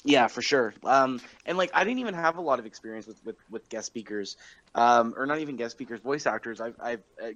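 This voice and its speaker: A man's voice: medium pitch, fairly bright tone, lo-fi sound. Young male podcast host, mid-range voice, casual and rambling. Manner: rambling, with many fillers and chuckles.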